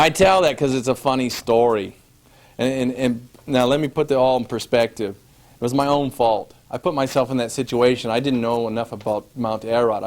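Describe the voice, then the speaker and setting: A man tells a personal travel story in a lively, animated way. He acts out the scenes as he goes and laughs at his own misadventures. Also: medium pitch.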